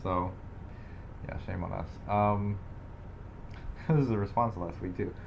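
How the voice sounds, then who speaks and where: Rambling low-voiced young man podcaster. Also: fairly even intonation, a little slow, creaky, highs cut off, a little hiss or hum. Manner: rambling, filler-heavy, self-deprecating. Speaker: podcast co-host. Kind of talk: casual chat.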